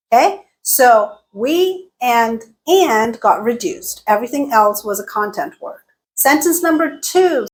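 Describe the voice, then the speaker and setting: A woman teaching English pronunciation, modeling example sentences slowly and exaggerating the stressed words. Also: a little high, animated. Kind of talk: slow, deliberate teaching.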